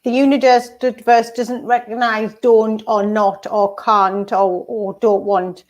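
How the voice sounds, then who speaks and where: A woman's voice: fairly high pitch, little pitch movement, a little slow, a little mellow. Earnest woman explaining affirmations. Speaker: co-host of a mindset livestream. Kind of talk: casual livestream chat.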